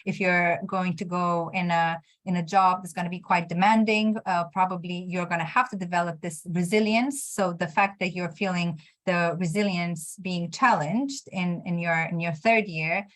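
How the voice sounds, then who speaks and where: A woman leads a career coaching session. Her voice sits a little low, and she speaks encouragingly while searching for words, with plenty of fillers and restarts. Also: steady tone, moderate pace, hardly any pauses. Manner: encouraging, hesitant, many restarts.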